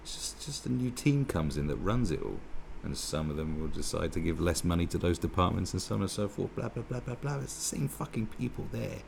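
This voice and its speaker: Man for a sarcastic solo rant: low gravelly voice, swings up and down a lot, swears freely, rambles. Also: animated, a little fast, few pauses, darkish tone, slight background noise. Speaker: political commentator. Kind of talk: ranting monologue.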